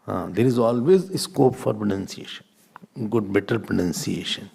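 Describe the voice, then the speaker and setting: A man's voice: lowish voice, moderate pace, creaky, darkish tone, husky. A man with an Indian accent teaching a scripture class in a playful, teasing way. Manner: playful, teasing, mixes in Hindi and Sanskrit terms. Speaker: Vedanta teacher.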